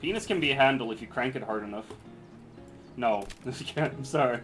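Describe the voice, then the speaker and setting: A man's voice: medium pitch, normal speed, fairly bright tone, faint music behind. A man streaming a video game, chatting casually with viewers, reading out chat and joking around. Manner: playful, jokey, reads chat aloud.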